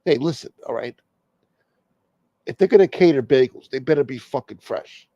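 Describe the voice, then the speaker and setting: A sulky, grumbling movie star defending himself to his wife, as a man acts him out. The voice is gravelly and dry, with lively swings in pitch. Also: normal speed, no room sound, dull audio. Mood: grumbling, defensive. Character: grumpy, sulky middle-aged male movie star. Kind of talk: comedic impression in a rant.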